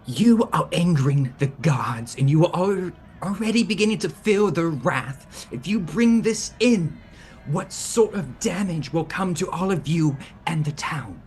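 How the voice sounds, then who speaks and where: A man's voice: fairly high pitch, expressive, unhurried, a little mellow, soft background music, voice pushed up. A man voicing a spellcaster in a tabletop game, warning a crowd in a grave, threatening tone. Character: menacing male spellcaster invoking the gods' wrath.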